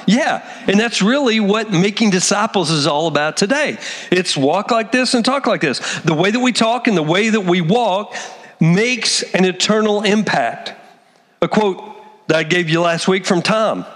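A male pastor delivers an emphatic sermon to his congregation. His voice sits high, and it carries with a long reverb through the church. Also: animated, normal speed, a bit bright. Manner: earnest, emphatic preaching. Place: church sanctuary.

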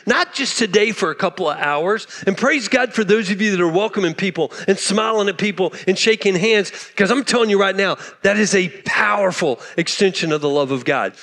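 Impassioned high-voiced male pastor preaching. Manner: impassioned, swings from loud to hushed. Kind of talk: sermon. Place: church sanctuary. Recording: long reverb of a church hall.

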